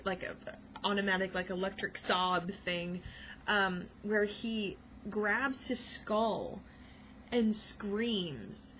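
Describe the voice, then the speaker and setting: Young female vlogger, chatty and gushing, loose filler-heavy delivery, mid pitch. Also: fairly bright tone, slight background noise, poor audio. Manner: gushing, rambling, many fillers. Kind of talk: casual chat.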